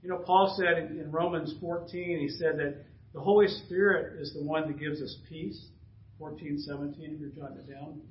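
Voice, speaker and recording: A man preaching a sermon and reading scripture aloud, clearing his throat often and dropping casual asides between passages. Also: on the high side, fairly even intonation, normal speed, echoey room, dull audio. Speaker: pastor. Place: church sanctuary.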